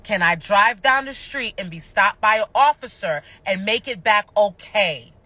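A woman with a mid-range, animated voice speaks a little slowly with a sharp tone, and the recording is dry. She's a reality TV personality going live from indoors at home, ranting into her phone, passionate, annoyed, and cursing.

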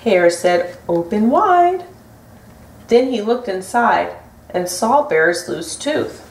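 A woman reading a picture book aloud to children in a gentle, sing-song way. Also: fairly low pitch, lively intonation, slow pace, vocal fry. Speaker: storybook reader. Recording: roomy echo from a distant mic.

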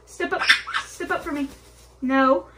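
High-voiced young woman coaxing a parrot. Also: steady tone, a little slow, a bit bright, a little hiss or hum. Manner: playful, coaxing a parrot, giggly. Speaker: pet owner. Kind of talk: casual home video chat.

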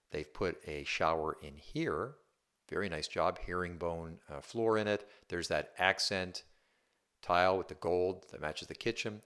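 A man's voice: low-pitched, fairly bright tone. A male real estate agent talking a viewer through a home tour, upbeat and chatty, often checking in with "right?". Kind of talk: casual home tour walkthrough.

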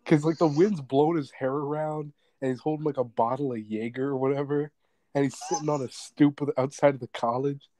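A man's voice: a little high, steady tone, fairly quick, warm tone, no room sound. A young man co-hosting a podcast, telling stories animatedly and laughing often. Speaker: podcast co-host. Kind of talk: casual chat.

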